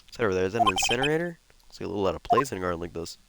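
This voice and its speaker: A male streamer reads game dialogue aloud and tosses in casual, swearing asides. His pitch moves around a lot. Loud game music runs underneath. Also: big pitch swings, very fast.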